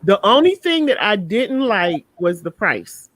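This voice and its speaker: A woman hosts a live talk show in casual, chatty fashion and tells stories with animated jumps. She is tired at the end of the night. Her voice sits at a middle pitch in a dry, close recording. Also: measured pace, no room sound. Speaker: show host.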